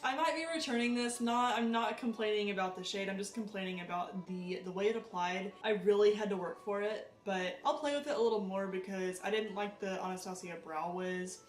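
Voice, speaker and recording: A woman's voice: medium pitch, a little fast, few pauses, echoey room, distant mic, soft background music. Chatty woman doing her makeup on camera. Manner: chatty, animated, self-deprecating. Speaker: beauty vlogger. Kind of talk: casual makeup tutorial chat.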